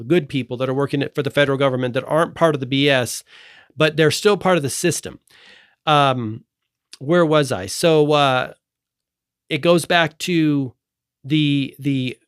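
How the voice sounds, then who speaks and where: A man's voice: a little high, smooth, dry recording. Heated, rambling man with a dry close sound. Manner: heated, rambling, loses his train of thought. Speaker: vlogger. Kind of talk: unscripted political monologue.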